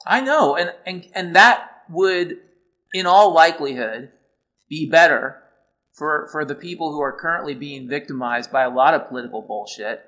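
A man's voice: on the high side, animated, moderate pace, sharp tone, low-quality recording. A man in a casual political chat, talking hesitantly, repeating words and swearing now and then.

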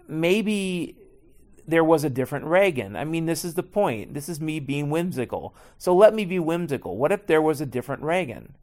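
A middle-aged man ranting in a profane, rambling, sarcastic comedic monologue. His pitch swings widely as he jumps from muttering asides to loud outbursts.

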